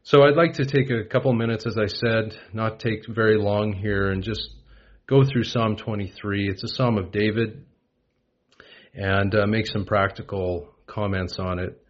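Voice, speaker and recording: Male preacher, slow and gentle devotional delivery, dull lo-fi recording. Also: fairly low pitch. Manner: gentle, unhurried, with frequent pauses and fillers. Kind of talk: devotional Bible talk.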